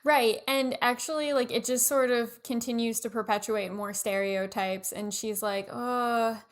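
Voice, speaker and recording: A woman's voice: on the high side, little pitch movement, moderate pace. A woman co-hosting a podcast in casual, chatty talk, full of "like" fillers and laughs. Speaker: podcast co-host. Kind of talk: casual pop-culture chat.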